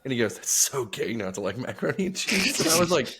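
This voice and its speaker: A man co-hosting a podcast in casual chat, telling animated stories with lots of swearing and bursts of laughter. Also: mid-range voice, fast talker, a little hiss or hum. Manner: animated storytelling, heavy swearing, loud laughing outbursts. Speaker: podcast co-host.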